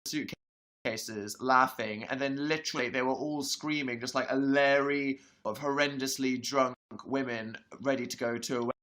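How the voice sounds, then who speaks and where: Bright young man telling a story. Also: medium pitch, moderate pace. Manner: animated anecdote telling. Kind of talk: casual storytelling.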